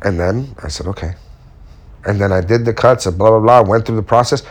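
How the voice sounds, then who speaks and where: A man's voice: on the low side, fairly quick. A man who works as a custom furniture maker, giving a blunt, slangy motivational talk and swearing casually as he goes.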